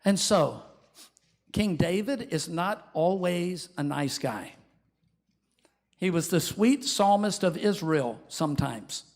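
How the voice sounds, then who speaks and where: A man preaching a sermon as pastor, telling Bible stories in an animated way and acting out the voices of the people in them. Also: high voice, slow, creaky.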